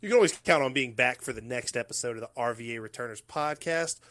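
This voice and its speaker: American male podcast host, loose and jokey, mid-pitched, quick bursts of chat. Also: a bit bright.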